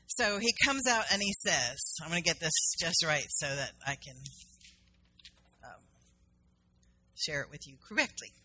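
A woman's voice: on the low side, pushed and bright, breathy edge. A middle-aged woman minister from South Carolina giving a sermon in a conversational storytelling manner, acting out the dialogue in her stories.

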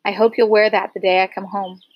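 A woman reading aloud voices a patient father softly coaxing his grieving young daughter. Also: mid-range voice, flat delivery, a little fast, highs cut off, close to an everyday voice. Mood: gentle coaxing.

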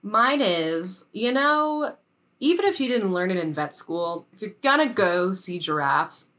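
A woman co-hosting a casual podcast, animated and often laughing as she wraps up the episode. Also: medium pitch, measured pace. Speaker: podcast co-host. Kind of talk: casual chat.

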